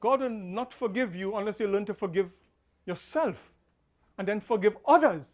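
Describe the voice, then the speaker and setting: A man, an officiating pundit preaching a funeral sermon, repeating key lines and swinging between soft and loud. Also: high-pitched, expressive, normal speed.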